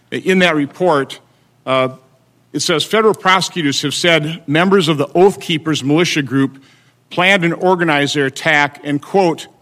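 Bright-voiced man reading into a record. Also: fairly high pitch. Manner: measured, halting with fillers. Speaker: senator at a hearing.

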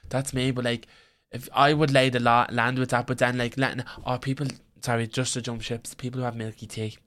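Young Irish man, podcast co-host, rambling and crude, mid pitch. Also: flat delivery, a bit bright. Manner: rambling, crude, quick to laugh. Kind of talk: casual chat.

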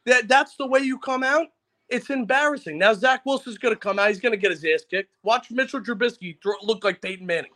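A man vents about his team in a furious, foul-mouthed rant. His voice sits high and rings bright and forceful. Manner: angry, profane, rapid-fire ranting. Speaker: caller on a sports talk show. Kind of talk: ranting casual chat.

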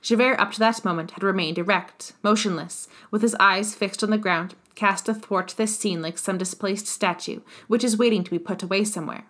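A woman with a mid-range voice narrates a classic novel for an audiobook, reading at a measured pace with expression.

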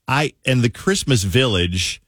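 A man hosting a morning radio show, chatting and teasing his co-hosts in a lively storytelling way on a dry studio mic. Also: medium pitch, a little slow, dry recording. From grew up on a chicken farm. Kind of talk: casual morning radio banter.

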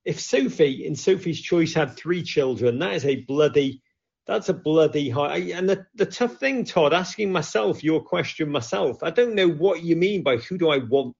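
A man hosting a lively football chat show with callers, joking and swinging from loud to hushed. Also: a little high, normal speed, gravelly, slightly rough. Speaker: host. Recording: dull lo-fi sound.

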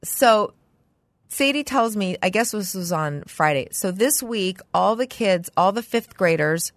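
A woman's voice: medium pitch, animated, a little slow, no room sound. A woman in her forties, a podcast co-host, telling a family story in casual chat and acting out the voices of the people she quotes.

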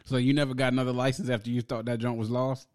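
A man in a casual chat, giving quiet, low-key reactions and laughing along. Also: level tone, quick pace.

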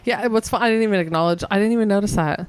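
A woman's voice: mid-range voice, racing, clear, resonant tone, dry recording. A woman chatting casually as a podcast co-host, teasing her friend, laughing a lot and swearing casually. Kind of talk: casual chat.

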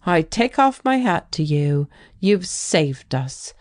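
A dignified bank president speaks in a genial, reassuring way, read by a woman. The voice is low and the pace unhurried. It comes from an audiobook reading. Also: big pitch swings, darkish tone, no echo, clean studio sound.

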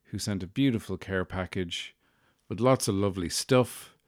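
Podcast host, lowish voice, wry rambling monologue, dry close mic. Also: male voice, normal speed, no echo. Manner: rambling, wry, self-deprecating asides. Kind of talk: casual monologue.

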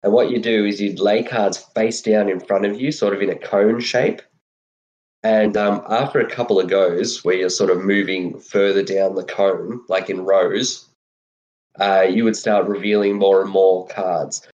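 A man's voice: on the low side, fairly even intonation, measured pace, darkish tone. An Australian man co-hosting a casual chat, laid-back and laughing easily, often restarting his words. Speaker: podcast co-host. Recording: slightly dull lo-fi audio.

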